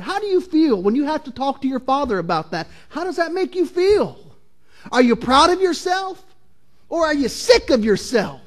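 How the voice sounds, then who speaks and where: A pastor preaching a sermon, reading scripture slowly and earnestly and asking the congregation searching questions. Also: male voice, very high voice, lively intonation.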